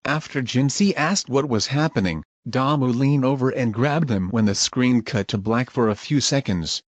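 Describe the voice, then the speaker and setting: A man narrating scripted scene recaps in a plain, even manner. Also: medium pitch, normal speed, dry recording.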